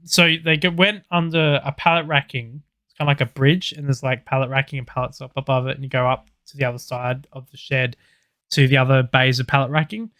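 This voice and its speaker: Aussie bloke on a podcast rambling thru a work story, swears a lot, mid pitch, dry sound. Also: male voice, steady tone, a little fast, a bit bright, no room sound. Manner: loose, sweary storytelling with many fillers. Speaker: podcast co-host. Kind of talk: casual chat, storytelling.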